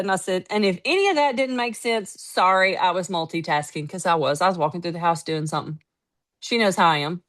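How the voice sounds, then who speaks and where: A woman's voice: on the low side, fairly quick. A woman giving a casual motivational talk, telling stories emphatically and acting out what others said. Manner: storytelling, quoting others, lively and emphatic. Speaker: network marketing team leader.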